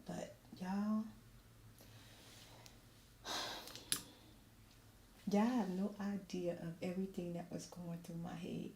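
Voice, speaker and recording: A middle-aged woman telling a story in a soft-spoken ASMR chat, slipping into whispers now and then. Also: fairly low pitch, takes it slowly, creaky, long pauses. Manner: animated storytelling, drops into whispers. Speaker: ASMR creator. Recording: roomy echo, faint ambient noise.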